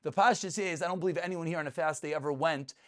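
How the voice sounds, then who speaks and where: Animated high-voiced man teaching a class. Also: fast. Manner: animated, joking, asks and answers his own questions. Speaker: rabbi teaching a Talmud class. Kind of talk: lively spoken Torah class. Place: class room with live students.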